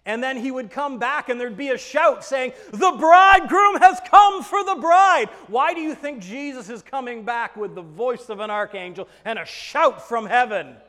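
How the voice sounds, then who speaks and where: A man preaching a sermon as pastor, emphatic, swinging between hushed and loud passages. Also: very high voice, normal speed, hardly any pauses, in a large hall.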